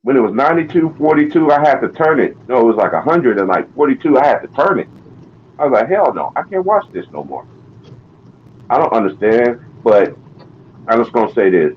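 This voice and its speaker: A man's voice: mid-range voice, lively intonation, a little fast. A man on a sports panel call, ranting in a profane, exasperated way. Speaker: panel guest. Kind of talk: heated sports chat. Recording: dull lo-fi call audio with faint noise.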